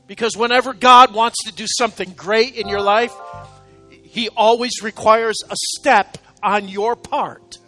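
A man preaching an emotional sermon to his congregation, urging them on and rising to shouted exhortation. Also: high-pitched, steady tone, unhurried, soft background music. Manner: calls out to congregation, repeats "come on". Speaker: pastor. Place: church sanctuary, live service.

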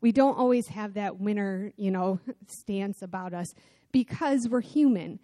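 A middle-aged woman preaching a sermon in church, telling a self-deprecating personal story with animated delivery. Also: mid-range voice, measured pace, dry recording, clean studio sound. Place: church sanctuary.

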